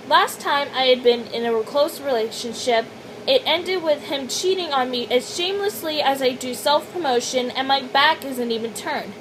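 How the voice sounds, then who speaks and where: A young woman reading her own fanfiction aloud in an animated, dramatic first-person voice. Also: sits high, background noise. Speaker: fanfiction reader.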